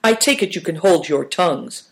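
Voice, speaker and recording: A man reading aloud and voicing a gruff, hot-tempered male soldier who barks blunt orders. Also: on the high side, animated, normal speed.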